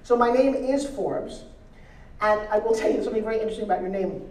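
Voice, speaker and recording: An energetic woman speaker teases and rallies a live seminar audience, mixing jokes with advice. Her voice sits at a middle pitch and carries the roomy echo of a large hall. It sounds picked up from a distance, with faint noise underneath. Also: fast talker. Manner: energetic, joking, audience-engaging. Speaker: motivational speaker teaching pitching. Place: large event hall on stage.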